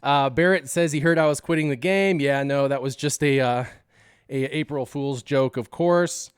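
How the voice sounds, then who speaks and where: A man's voice: mid-range voice, moderate pace, smooth, no room sound, clean studio sound. A young man telling a childhood story on a casual live stream, acting out the scenes and laughing often.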